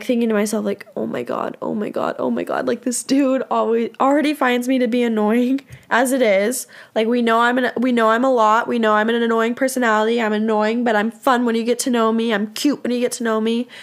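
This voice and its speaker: A young woman from San Diego, California, telling a story on her podcast in an animated, profane, self-deprecating way. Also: fairly high pitch, fairly quick. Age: young adult. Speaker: podcast host. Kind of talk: casual storytelling monologue.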